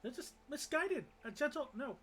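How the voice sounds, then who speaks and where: A man voicing a small, fussy male moogle creature in a game cutscene, with a high, pleading voice and a cute verbal tic at the ends of lines. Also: animated, normal speed, fairly bright tone. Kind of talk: reading game cutscene dialogue aloud in voices.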